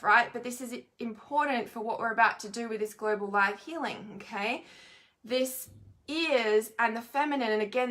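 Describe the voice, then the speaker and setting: A young woman speaks in a slightly raised register, with a bright, sharp edge to her voice. She leads a live spiritual healing session in a loose, rambling way. She keeps pausing to check that her listeners are following. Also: fairly high pitch. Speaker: intuitive energy healer. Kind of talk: live-streamed spiritual talk.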